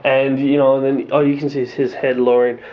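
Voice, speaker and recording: A man casually reviewing movies in a rambling, excitable way, full of fillers and restarts. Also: medium pitch, fast talker. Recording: dull lo-fi home recording.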